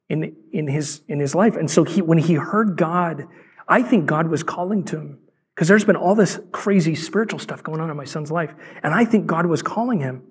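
A man's voice: a little high, slightly rough. A man in his thirties preaching a sermon as a pastor, telling a story and acting out the voices in it. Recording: long hall reverb.

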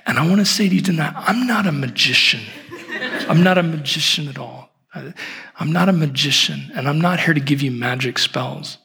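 A man in his thirties preaching a sermon at an evening church service, telling a story with humor and warmth. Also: a little high, normal speed, vocal fry, breathy edge. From Portland, Oregon. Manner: animated storytelling with self-deprecating humor. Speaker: pastor.

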